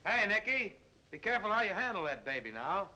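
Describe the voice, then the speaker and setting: An actor playing a relaxed, good-natured cab driver who chuckles easily, in 1930s film comedy style. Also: male voice, high voice, fairly quick, a little hiss or hum, full character voice. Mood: easygoing. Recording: muffled 1930s film soundtrack with score.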